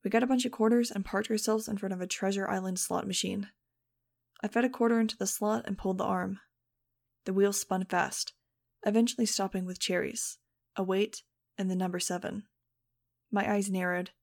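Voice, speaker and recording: A woman's voice: mid-range voice, steady tone, a little fast, creaky. A woman narrating an audiobook in the first person, in a wry, sardonic tone.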